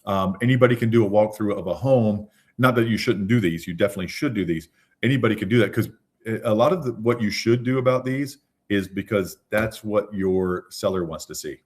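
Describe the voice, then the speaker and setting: A man teaches a group over a video call in a relaxed, conversational way. His voice sits on the low side, and he keeps checking in with "right?" while he rambles through examples. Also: fairly quick. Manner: chatty, repeats "right?". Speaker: real estate coach. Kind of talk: online training session.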